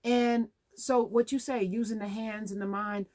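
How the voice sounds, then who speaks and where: A woman hosting a radio talk show, interviewing her guest in a lively, conversational way. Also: a little high, normal speed.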